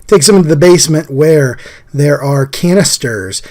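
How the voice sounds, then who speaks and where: Male host, slightly high, scratchy and hoarse; easygoing chat while drawing. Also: lively intonation, moderate pace, warm tone. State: hoarse from recent illness.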